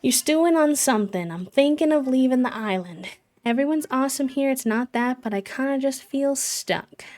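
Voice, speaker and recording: A woman voicing a cheerful young female cub villager in a cozy life-sim game, reading her lines in a soft, friendly voice. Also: sits high, animated, moderate pace, voice pushed up. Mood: wistful.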